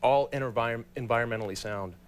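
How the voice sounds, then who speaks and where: A man's voice: mid-range voice, brisk, slight background noise. A man in his thirties, a guest actor telling a self-deprecating story on a talk show.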